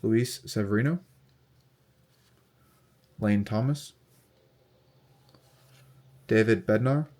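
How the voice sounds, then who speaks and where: A young man casually talking through a card unboxing, reading off player names in a steady, relaxed list. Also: on the low side, extremely slow, long pauses. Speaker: card collector unboxing host.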